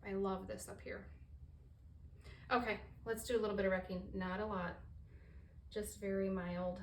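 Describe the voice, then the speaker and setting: In a roomy art studio, a woman gives a casual painting tutorial on fluid art, chatting and thinking aloud as she works, with apologetic asides. Her voice is mid-range, her tone level, and her pace moderate. The room is echoey, with faint ambient hiss.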